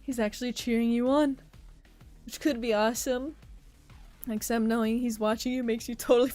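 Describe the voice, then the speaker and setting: A woman's voice: fairly high pitch, fairly even intonation, moderate pace, darkish tone. A woman streaming a game, reading its text aloud in a playful way and laughing often. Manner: playful, laughing, voices characters. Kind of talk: reading a dating sim aloud. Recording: faint music behind.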